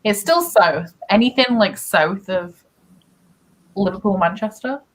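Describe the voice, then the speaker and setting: A woman's voice: mid-range voice, expressive, measured pace, poor audio. A woman from the north of England hosting a casual chat with friends. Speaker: booktuber hosting a reading sprint.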